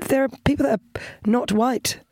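A woman comedian co-hosting a podcast, bantering quickly in casual chat with indignant pushback. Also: a little high, fairly even intonation, darkish tone, no echo, studio quality.

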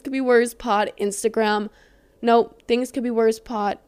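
A woman's voice: on the high side, steady tone, unhurried, a little mellow, clear, resonant tone, no room sound. A young woman hosting her own podcast, rambling and chatty, swearing freely, a bit out of breath and tired. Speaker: podcast host. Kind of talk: casual solo podcast chat.

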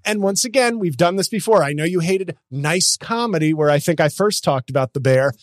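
A man riffs on his podcast in loose comedic chat, profane and animated, jumping between opinions and silly voices. His voice sits fairly high, with a dry, close sound and no room around it. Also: a little fast, no room sound. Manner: animated, profane, jokes with bursts of mock voices.

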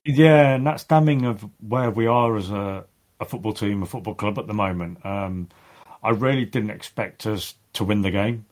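A man speaking as a guest on a casual podcast, halting, with many restarts and fillers. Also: on the low side, a little mellow.

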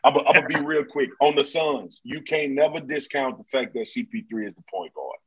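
A man's voice: mid-range voice, a little fast, slightly rough, low-quality recording. A man talking basketball in a casual, slangy, emphatic way on a podcast. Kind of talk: casual sports chat.

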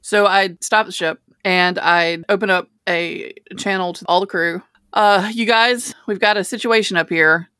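Woman at a tabletop game who speaks as her ship captain character, giggly but decisive. Her voice sits at a middling pitch. The recording sounds dry. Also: steady tone, measured pace, few pauses, sharp tone, clean tone, no room sound. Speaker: player.

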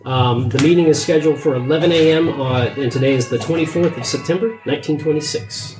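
A man setting up a tabletop adventure as game master, pausing often with ums. His voice sits a little high. The room echoes, and music plays clearly behind him. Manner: hesitant, lots of ums.

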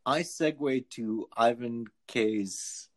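A man co-hosting a podcast in casual chat, animated and jokey, laughing often. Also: mid-range voice, takes it slowly. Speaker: podcast co-host.

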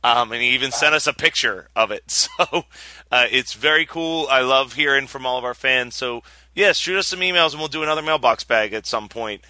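A man's voice: medium pitch, a little fast, bright, forceful tone, dry recording. A man hosting a podcast in casual chat, chatty and laughing often, swearing casually. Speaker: podcast host.

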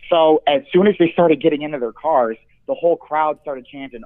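Young male caller, animated storyteller who swears freely, tinny phone-line sound. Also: fairly high pitch, a little fast, few pauses. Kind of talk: casual storytelling on a call-in show.

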